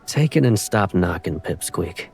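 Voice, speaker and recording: An actor playing a sick young man who acts tough and brushes off help, his voice hoarse and cracking, curt and teasing. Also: deep voice, lively intonation, unhurried, a little mellow, faint music behind, full character voice. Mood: gruff, brushing off. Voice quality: gravelly. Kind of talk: game voice acting.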